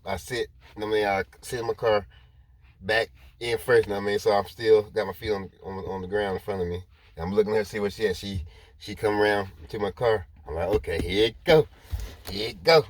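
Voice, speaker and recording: A man's voice: on the low side, fast. A man rambling through a personal story to his viewers in casual talk, repeating himself as he goes. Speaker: vlogger.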